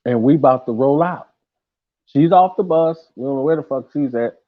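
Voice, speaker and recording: With a medium-pitched voice at a normal speed, this man tells a slang-heavy, profane tour story in an animated, easygoing way, sometimes bellowing the words he's quoting. The audio comes across narrow and tinny.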